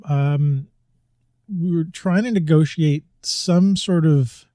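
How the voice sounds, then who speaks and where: Mellow-voiced, chatty man hosting a podcast. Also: fairly high pitch, slow pace, dry recording, studio quality. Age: middle-aged. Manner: chatty, rambling, laughs often. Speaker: podcast co-host. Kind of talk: casual chat. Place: home, New York.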